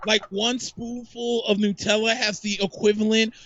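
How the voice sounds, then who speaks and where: A man co-hosting a podcast, chatting casually with boastful, animated rants. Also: high-pitched, moderate pace, no echo. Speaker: podcast co-host. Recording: dull lo-fi dry mic.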